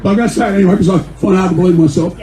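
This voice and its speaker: An older man with an Australian accent, giving a fiery, indignant rally speech as a member of parliament and often shouting. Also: high voice, fairly even intonation, racing. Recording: echoey room with faint noise.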